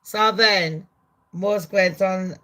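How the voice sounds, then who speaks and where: A woman giving swearing, animated gossip commentary on her channel. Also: mid-range voice, drawn-out words. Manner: animated, swearing, laughing asides. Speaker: commentary vlogger.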